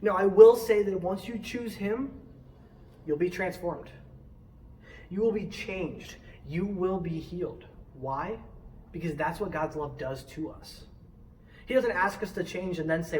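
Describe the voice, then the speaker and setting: Animated man preaching a casual sermon. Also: high-pitched, recorded from a distance, slight background noise, low-quality recording. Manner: animated, conversational preaching with quick asides.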